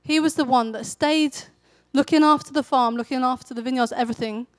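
A woman with a fairly high voice preaches briskly and casually, telling the story as though in conversation, and she grows lively when performing a character's lines. The audio is dry and close, with no room sound.

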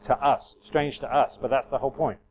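A man's voice: medium pitch, fairly even intonation, brisk, a little mellow, breathy edge, dull audio. A man giving an informal sermon, chatty and self-correcting, with wry asides to the congregation. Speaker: preacher. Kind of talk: informal sermon with audience interaction.

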